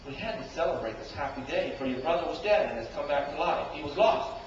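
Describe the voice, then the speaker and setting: A man's voice: fairly high pitch, animated, quick pace, dull audio, slight background noise, natural voice. A man voicing a forgiving elderly father who speaks in earnest, scripture-style sentences, in an echoey church recorded from far off. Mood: tender.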